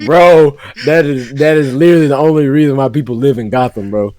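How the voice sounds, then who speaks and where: A man's voice: mid-range voice, brisk, dry recording. A man co-hosting a casual reaction video, laughing and telling stories. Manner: laughing, animated storytelling. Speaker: co-host reacting to a clip.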